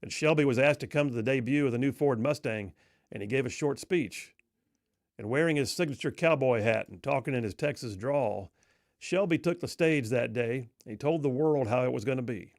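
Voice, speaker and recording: A male talk radio host spins a dramatic story in a folksy, emphatic manner. His voice sits at a middle pitch. The sound is dry and close, with no room echo. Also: moderate pace.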